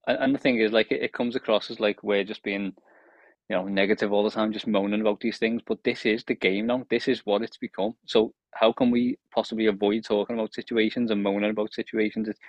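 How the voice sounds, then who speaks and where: A man's voice: lowish voice, level tone, quick pace, dry recording. A man co-hosting a casual football podcast, speaking steadily and frankly. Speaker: podcast co-host. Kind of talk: casual chat. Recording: dry, dull lo-fi sound.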